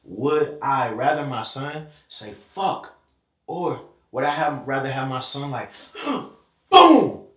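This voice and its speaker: An emotional, animated man talks openly in a casual conversation, swearing freely and speaking in bursts. His mid-range voice sits some distance from the mic. It carries a roomy echo. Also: medium pitch, unhurried. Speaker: podcast conversation participant. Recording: echoey room, mic at a distance.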